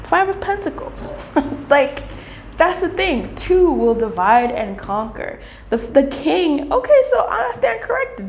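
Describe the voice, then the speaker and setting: A woman giving a casual tarot reading, playful and animated, who swears freely and acts out little voices. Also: a little high. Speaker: tarot reader. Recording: echoey room with faint hiss.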